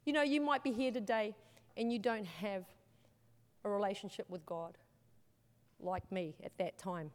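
Aussie woman sharing her testimony at church, emotional and earnest, mid-pitched, lots of hall echo. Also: fairly even intonation. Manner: earnest, emotional, halting with restarts. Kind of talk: church testimony and altar call. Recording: long hall reverb.

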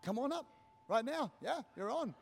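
A male pastor preaching a sermon in a church hall, animated and rousing, repeating his phrases. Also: very high voice, moderate pace, creaky.

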